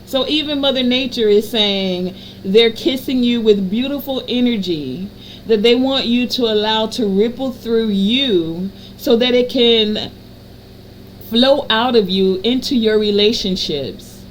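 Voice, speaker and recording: A woman with a fairly high voice gives a card reading in a soothing, affirming tone. She piles up phrases in gentle repetitive lists and slows down on the words she wants to land. A faint hum of noise sits behind her. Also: low-quality recording. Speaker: energy reader and healer. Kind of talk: tarot card reading for a general audience.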